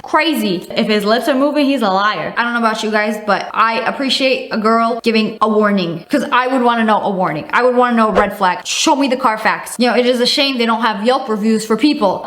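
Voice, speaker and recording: A woman's voice: fairly high pitch, a bit bright. A woman hosting a reaction video, chatting casually, laughing and acting out exaggerated disgust. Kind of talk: casual commentary. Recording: roomy echo.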